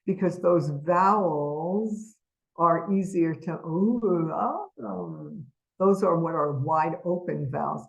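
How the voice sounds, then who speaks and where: Slow, low-voiced woman lecturing. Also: vocal fry, lo-fi sound. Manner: emphatic, asks the audience rhetorical questions. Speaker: webinar presenter. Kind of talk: educational webinar lecture.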